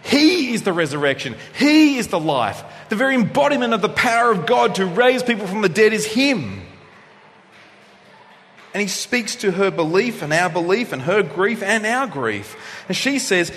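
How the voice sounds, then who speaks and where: Guy preaching a sermon, kinda high voice, big echoey hall sound, goes loud then real quiet. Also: normal speed. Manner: expressive preaching, swings from loud to hushed. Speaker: pastor. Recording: long reverb of a hall, faint noise.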